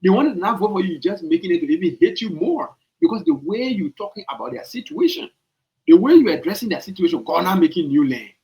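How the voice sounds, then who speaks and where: Emphatic Liberian man, fairly high voice. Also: big pitch swings, fast talker, mellow, rough recording. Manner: emphatic, repeats points, rhetorical questions. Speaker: podcast host. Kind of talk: opinionated political commentary.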